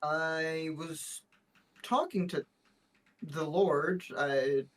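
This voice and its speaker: A man's voice: fairly high pitch, extremely slow, fairly bright tone. A man playing a tabletop game, talking in a rambling, hesitant way with many restarts. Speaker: player. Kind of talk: casual tabletop game chat.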